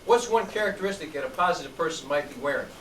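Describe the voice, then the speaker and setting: A man's voice: on the high side, animated, fast talker. A middle-aged man leading a youth class, upbeat and encouraging as he calls on students. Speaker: youth program instructor. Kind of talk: classroom coaching. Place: large room with student tables. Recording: echoey room recorded from far, noisy.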